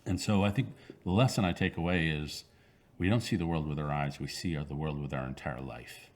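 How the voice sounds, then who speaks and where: Very deep-voiced thoughtful man in his 60s. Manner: thoughtful, halting, with frequent fillers and restarts. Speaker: author being interviewed. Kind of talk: reflective interview answers.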